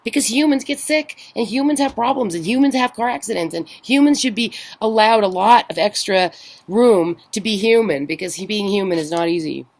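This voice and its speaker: A woman's voice: mid-range voice, fairly quick. Chatty middle-aged woman, rambling story. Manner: animated storytelling, acts out quoted phone calls; rambling with many restarts. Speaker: vlogger. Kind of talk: casual chat.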